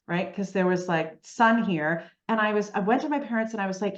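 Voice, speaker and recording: A woman guest on an interview podcast, telling her story in a lively way and often asking "right?". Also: mid-range voice, quick pace, few pauses, echoey room, lo-fi sound. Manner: animated storytelling, frequent "right?" tags.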